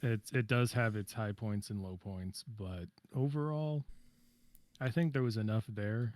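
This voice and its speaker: A man co-hosting a casual podcast chat, relaxed and joking, swearing casually. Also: on the low side, a little slow, dry recording. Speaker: podcast co-host.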